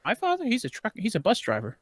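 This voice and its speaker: A man's voice: high-pitched, wildly swooping pitch, fast, dry recording, clean studio sound. A man joining a casual gaming podcast, bantering playfully.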